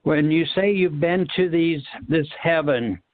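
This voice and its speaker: A man hosting a call-in talk, speaking haltingly with many pauses. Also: a little high, slight background noise. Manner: halting, many ums and restarts. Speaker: host. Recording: tinny phone line.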